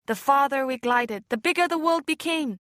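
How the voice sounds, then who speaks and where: Measured woman reading an audiobook. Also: high voice, no echo, clean studio sound. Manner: measured, softly expressive storytelling. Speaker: audiobook narrator. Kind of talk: scripted narration.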